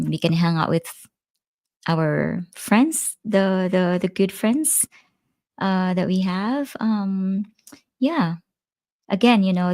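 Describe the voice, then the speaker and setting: A woman's voice: on the low side, a little mellow, no room sound, clean studio sound. A middle-aged woman hosting a casual livestream, chatting and laughing easily as she tells stories and answers viewer comments. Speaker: livestream host. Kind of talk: casual live-stream chat.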